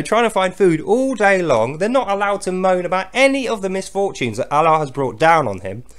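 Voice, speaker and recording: Scornful man with a lively voice. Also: fairly high pitch. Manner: sarcastic, scornful, chuckling. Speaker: video host. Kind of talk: mocking commentary monologue.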